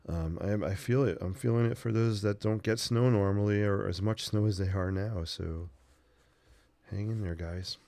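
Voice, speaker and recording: A man's voice: fairly low pitch, moderate pace, vocal fry, warm tone, no room sound. A man hosting a casual sketching livestream, rambling easily while he paints and answers viewers. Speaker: art livestream host.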